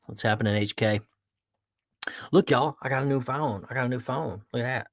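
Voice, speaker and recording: A man's voice: mid-range voice, fairly quick, no room sound, clean studio sound. A man hosting a casual livestream podcast, playful and jokey, greeting viewers by name as he chats. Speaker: podcast host.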